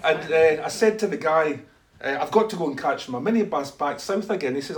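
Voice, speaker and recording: A man's voice: a little high, brisk. A man telling a church testimony as a story, acting out both sides of conversations and laughing often. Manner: animated, acts out dialogue, laughs often.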